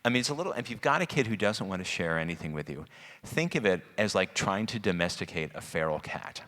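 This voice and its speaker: A middle-aged man speaking as a guest at a parent Q&A, chatty and animated, self-described as manic. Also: low voice, fast talker. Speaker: guest speaker on student stress. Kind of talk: informal parent-talk Q&A. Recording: long hall reverb.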